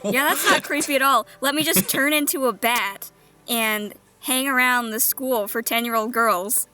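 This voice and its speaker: A woman's voice: on the high side, moderate pace, bright, forceful tone, faint music behind. A woman co-hosting a movie review in casual chat, with dry, sarcastic remarks.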